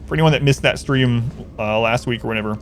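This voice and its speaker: A man's voice: medium pitch, fast talker, faint music behind. A man chatting casually on a game stream, rambling through a story and answering chat.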